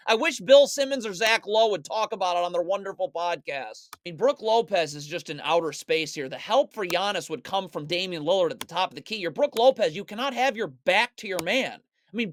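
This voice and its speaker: A basketball analyst narrating a video film breakdown, sarcastic and mock-exasperated, talking straight at the players and swinging between low mutters and loud outbursts. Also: no room sound. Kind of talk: video breakdown commentary over game footage.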